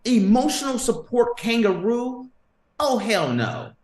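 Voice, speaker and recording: A man's voice: extremely high pitch, a little slow, reverberant. A man hosting a sports podcast, ranting and joking emphatically in casual banter. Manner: animated, joking, emphatic rants.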